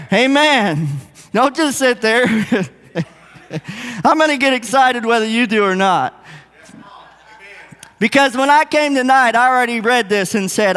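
A male pastor preaches from the pulpit with a strikingly high voice. He leans into call-and-response and stretches out his quoted lines for emphasis. The sound rings with the long reverb of a church hall. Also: a bit bright. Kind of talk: sermon.

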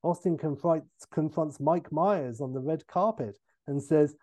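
A man tells a silly film pitch with gusto, narrating scene by scene in a mellow, warm voice. He sounds like a podcast host spinning a comic yarn. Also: no echo. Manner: narrates briskly and jumps into silly voices for characters. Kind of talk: comic storytelling, acting out scenes.

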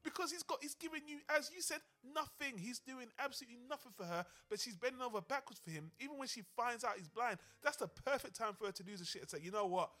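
A man's voice: very high-pitched, quick pace, few pauses, sharp tone. A man co-hosting a film podcast, talking casually and animatedly, swearing freely and acting out lines from the movie. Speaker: podcast co-host.

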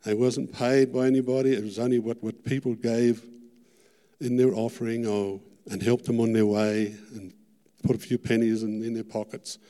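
A middle-aged Australian man preaching a sermon testimony, earnest and fervent, repeating his words and rising to loud peaks. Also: medium pitch, level tone, normal speed. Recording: long hall reverb.

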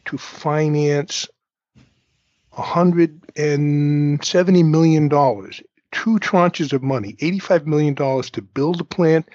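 A man's voice: a little high, a little mellow, dry recording. Guy hosting a talk show, chatty and loose, kinda dull lo-fi audio. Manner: chatty, informal, explains step by step with asides. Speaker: host. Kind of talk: conversational explainer, interview intro.

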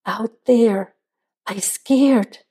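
A woman voicing a frightened, childlike grown man who whispers in halting, broken words. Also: fairly high pitch, dark tone, slightly rough, full character voice. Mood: scared.

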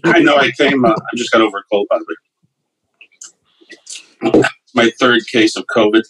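A man's voice: medium pitch, normal speed, a bit bright, rough recording. A man, a comedian guest, telling loose anecdotes with fillers and restarts in a casual interview.

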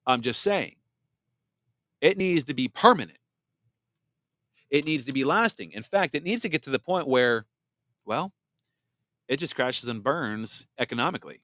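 A man hosting a political commentary podcast, blunt and sarcastic, reading viewer comments aloud and sometimes mocking others in a shrill put-on voice. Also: lively intonation, normal speed, long pauses, pushed and bright, dry recording. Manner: blunt and sarcastic, mocks voices in exaggerated falsetto. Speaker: podcast host.

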